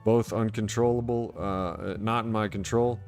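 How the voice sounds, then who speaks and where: A man's voice: on the low side, fairly even intonation, measured pace, darkish tone, faint music behind. A man hosting a casual livestream, chatting in a rambling, laid-back way and answering viewers' comments. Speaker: livestream host. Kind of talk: casual livestream chat about sobriety.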